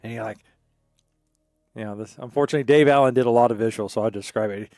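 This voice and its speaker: A male streamer chatting casually at his own microphone, telling jokes with plenty of restarts and detours. His voice is mid-pitched, and the sound is close and dry. Faint music plays underneath. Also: fast talker, mellow, dry recording. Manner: rambling, digressive storyteller. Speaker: gaming streamer.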